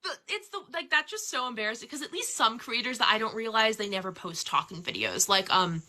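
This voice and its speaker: A young woman from Michigan with a Midwestern American accent, hosting a livestream in a chatty, animated way with quick asides. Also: on the high side. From Michigan, USA. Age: young adult. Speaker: livestream host. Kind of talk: casual chat. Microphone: webcam or phone mic on a livestream.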